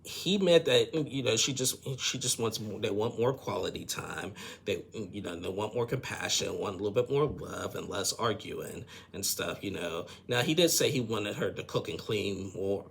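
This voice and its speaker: A man recaps a reality TV episode in a loose, rambling way, restarting phrases and throwing in blunt opinions. His voice is husky with a gravelly fry, and his pitch moves a lot. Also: animated, normal speed. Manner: rambling, repeats words, judgmental asides.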